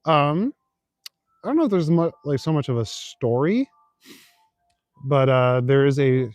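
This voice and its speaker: On a casual nighttime livestream, a young man walks through city streets reading and answering viewer comments, rambling in an easygoing way with chuckles and lots of fillers. His voice is mid-range and darkish, recorded dry.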